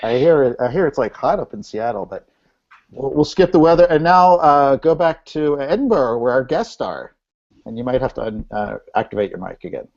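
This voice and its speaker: Hosting an online video call meetup from home, a man chats and jokes casually, dropping loose fillers while calling on participants. His expressive mid-range voice has a darkish tone and moderate pace, heard through a video call microphone in dull lo-fi audio.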